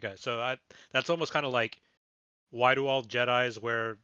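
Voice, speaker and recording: A man co-hosting a casual film podcast drops in dry, quick quips. His voice is bright and forward, and the recording is very dry and close. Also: mid-range voice, fairly even intonation, clean tone, no room sound, highs cut off. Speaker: podcast co-host.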